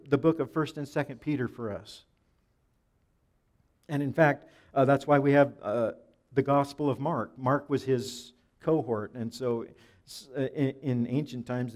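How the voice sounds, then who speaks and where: A man preaching a Bible sermon, restarting phrases often and dropping softer when he quotes scripture. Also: mid-range voice. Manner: preaching with frequent repeats and restarts, dropping soft for quoted lines. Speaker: pastor.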